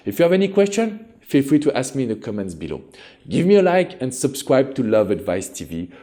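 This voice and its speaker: This relationship coach, a man with a French accent, talks straight to his viewers with earnest encouragement. His medium-pitched voice has a mellow quality.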